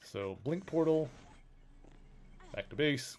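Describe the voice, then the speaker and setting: A man's voice: on the high side, expressive, slow. A male streamer giving casual commentary as he plays a video game, thinking aloud in a chatty, rambling way.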